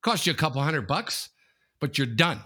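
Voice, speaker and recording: A man co-hosting a casual sports podcast, talking in an animated, repetitive way, often tossing in "okay?" and swearing freely. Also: fairly high pitch, moderate pace. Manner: animated and repetitive, keeps saying "okay?" and the host's nickname. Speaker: podcast co-host.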